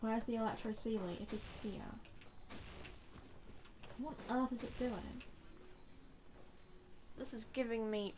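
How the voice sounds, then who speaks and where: Young woman, game streamer, rambling playful chatter, bit high voice, faint background noise. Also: steady tone, measured pace, long pauses, darkish tone. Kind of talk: casual live gameplay commentary.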